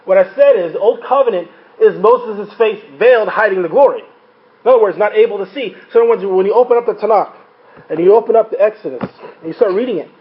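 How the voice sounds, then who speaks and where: A man teaching a Bible study class, who keeps checking in with his listeners with quick "right?" questions. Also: high voice, muffled recording. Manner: frequent rhetorical checks like "right?".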